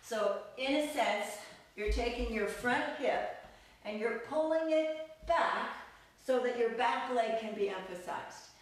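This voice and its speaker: A woman leads a belly dance lesson, counting out steps in a playful, upbeat way. She talks slowly in a fairly high voice. She sounds distant from the mic in a very echoey room with faint noise. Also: lively intonation. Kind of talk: live online dance class instruction.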